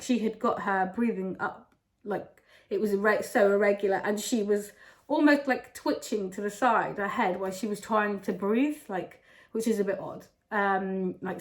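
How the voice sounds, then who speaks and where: Candid, chatty woman vlogging. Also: mid-range voice. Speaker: vlogger and mother. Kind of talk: casual vlog talk to camera.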